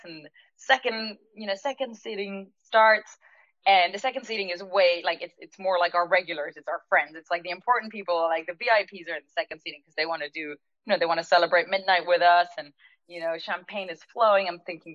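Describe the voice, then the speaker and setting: A restaurant owner with a lowish voice tells a story at a brisk clip, laughing a lot and performing the lines of the people in it. The recording sounds muffled and has no room sound.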